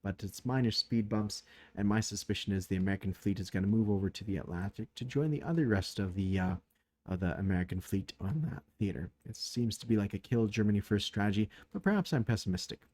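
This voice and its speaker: A man's voice: fairly low pitch, fast, a little mellow, no echo. A man casually recapping a turn of a strategy board game, thinking aloud with many fillers, tired late at night.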